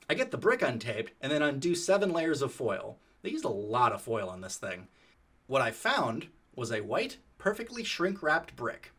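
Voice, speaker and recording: A man narrating a story in a casual, animated, profane conversational way. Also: medium pitch, normal speed, slightly rough.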